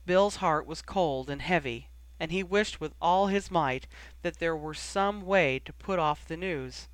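A man reading a fan fiction story aloud as audiobook narration, with steady storytelling. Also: a little high, a little slow, smooth, no room sound. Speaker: audiobook reader.

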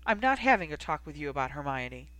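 Grumbling protective young man in an audiobook, read by the narrator, dry close sound, mid pitch. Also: big pitch swings, fast talker, bright, forceful tone, dry recording. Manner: grumbling, short-tempered. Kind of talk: audiobook character reading.

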